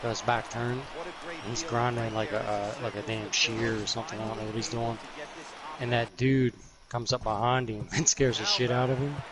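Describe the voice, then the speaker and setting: A man's voice: mid-range voice, steady tone, moderate pace. A man chatting casually while playing a video game, rambling in slangy storytelling. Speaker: gaming video host. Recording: stadium crowd noise from the game.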